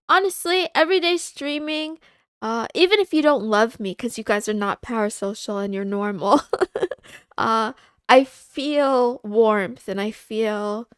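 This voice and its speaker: Woman streamer, high voice, dry close mic, candid rambly chat with lots of restarts. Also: a bit bright, dry recording. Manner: halting, with many fillers and restarts; candid and confiding. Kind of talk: casual livestream chat.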